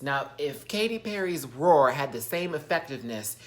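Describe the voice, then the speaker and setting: A man's voice: fairly high pitch, animated, normal speed. A man ranting through a TV recap in a sassy, campy, theatrical way. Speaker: TV recap vlogger. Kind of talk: animated TV recap rant.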